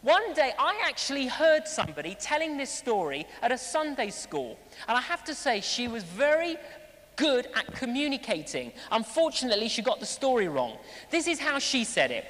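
A man's voice: very high-pitched, moderate pace. A man preaching a sermon at a live celebration, telling stories with jokes and acted-out voices. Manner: animated storytelling, acting out voices and jokes. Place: large hall at a live celebration. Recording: long reverb of a big hall.

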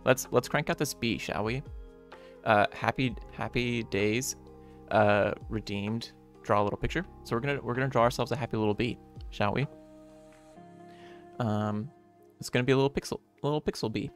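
Creaky-voiced friendly male streamer. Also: medium pitch, steady tone, normal speed. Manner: upbeat, friendly, greets viewers one by one. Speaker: streamer and game developer. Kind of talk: casual live-stream chat with viewers. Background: faint lo-fi music.

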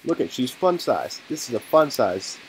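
A man's voice: medium pitch, sing-song, moderate pace, slight background noise, poor audio. A man giving casual, joking commentary over his game video and talking to his viewers. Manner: joking, laughs often, talks to viewers. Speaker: gaming video host.

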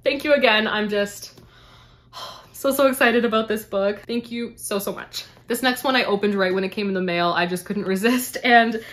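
A young woman from Canada talks straight to camera in a casual book vlog, her voice sitting at an ordinary middle pitch. She gushes effusively and keeps doubling her words for emphasis. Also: moderate pace, a bit bright. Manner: gushing, effusive, repeats "so, so". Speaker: book vlogger. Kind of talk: casual unboxing chat to camera.

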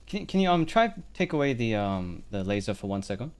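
A man hosting a co-op gaming stream, giving gentle, halting instructions full of ums. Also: lowish voice, big pitch swings, clear, resonant tone. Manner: hesitant, gives gentle instructions with many ums. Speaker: streamer host. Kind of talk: casual gaming chat.

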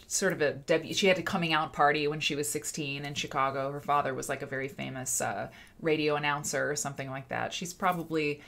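Chatty low-voiced woman host. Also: a bit bright. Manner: rambling, chatty, laughs often. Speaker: show host. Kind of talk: casual livestream chat.

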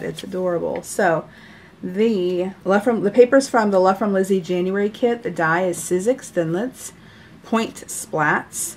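Showing off handmade greeting cards, a middle-aged American woman chats casually, gushing and laughing often. She's a card-making YouTuber talking about cards she mailed, and her voice sits on the low side over a faint hiss or hum.

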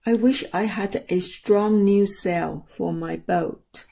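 A woman's voice: mid-range voice, steady tone, takes it slowly, vocal fry, warm tone. A woman voicing an upset goat on a boat in a picture book read-aloud, in a raised, complaining voice.

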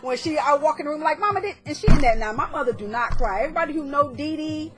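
A woman in her forties co-hosting a casual chat, animated and laughing as she acts out quotes. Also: high-pitched, quick pace. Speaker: podcast co-host.

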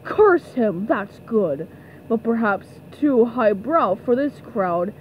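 A woman's voice: a little high, big pitch swings, slow pace, muffled recording, a little hiss or hum. Plankton: pompous scheming little villain, as a woman puts him on. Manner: gloating, theatrical. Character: scheming tiny male villain, pompous and spiteful. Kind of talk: fan dub of a cartoon.

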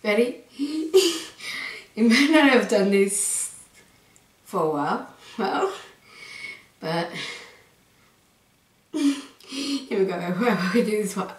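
A woman's voice: medium pitch, slow, long pauses. Giggly woman vlogging in a roomy space. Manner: giggly, laughs between phrases; excitable, rambling. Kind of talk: casual chat to camera. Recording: roomy echo.

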